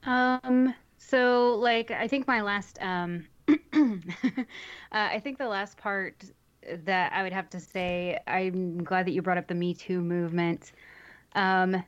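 A woman's voice: medium pitch, fairly even intonation, slow pace, smooth. Frank, chatty woman on muffled stream audio. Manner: frank, chatty, thinking aloud with fillers. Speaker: streamer, co-host. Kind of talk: casual chat on a livestream.

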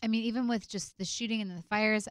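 A woman's voice: medium pitch, fairly even intonation, fast talker, clear, resonant tone, dry recording. A pregnant woman hosting a casual chat, playful and teasing. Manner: playful, teasing, laughs a lot.

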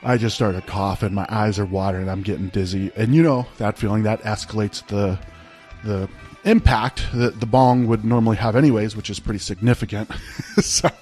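A man's voice: on the low side, moderate pace, a little mellow, faint music behind. A man telling a personal story in a casual, rambling way, full of "like" and "right?". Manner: rambling, laid-back, peppered with "like" and "right?".

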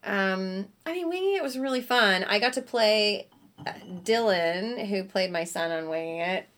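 A middle-aged actress chatting as a guest in an interview, telling lively stories with acted-out quotes and frequent laughs. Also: female voice, medium pitch, moderate pace. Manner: animated storyteller, acts out quotes, laughs often. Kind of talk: casual interview chat.

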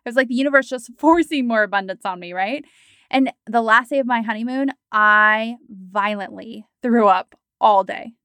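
A woman in her thirties, a coach, talking in a chatty, animated podcast monologue full of fillers. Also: on the high side, moderate pace, dry recording, clean studio sound.

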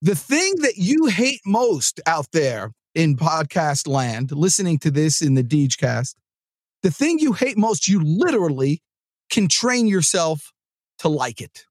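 A man with a slightly high voice and measured pace, recorded dry, hosts a sales podcast out of New Jersey. As a sales trainer, he rambles through an animated, casual pep talk, restarting his sentences often.

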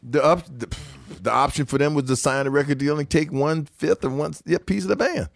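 A man's voice: fairly high pitch, a little fast, creaky, no room sound, clean studio sound. An older man, a musician, telling stories in a casual interview, quoting people and laughing often. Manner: animated storyteller, quotes people, laughs often.

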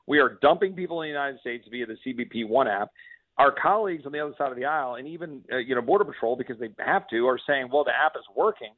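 A man's voice: medium pitch, no echo. A congressman from Texas calling in to a radio interview, speaking in a fiery, emphatic way with frequent restarts. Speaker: congressman guest. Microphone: phone. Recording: tinny dry phone line.

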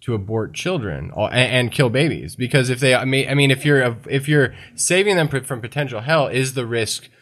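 A man's voice: medium pitch, expressive, fairly quick, few pauses, a bit bright. A man in a casual discussion, earnest and thinking aloud with frequent restarts.

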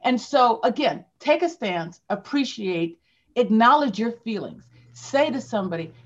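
A woman's voice: on the high side, very animated, a little slow. A woman speaking as a sales leader guest in a conversational interview, emphatic and repeating her key phrases. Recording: dull lo-fi sound.

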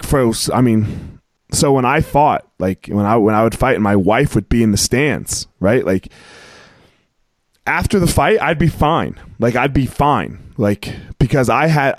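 A man hosting a podcast, telling a story in a rambling, excitable way full of filler words and restarts. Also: medium pitch, moderate pace, no echo. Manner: excitable, emphatic. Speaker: podcast host. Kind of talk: casual storytelling chat.

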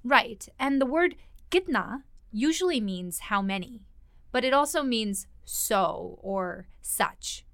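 A woman teaching a language lesson, explaining words and phrases in a clear, explanatory way. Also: fairly high pitch, lively intonation, slow, fairly bright tone, no echo, clean studio sound.

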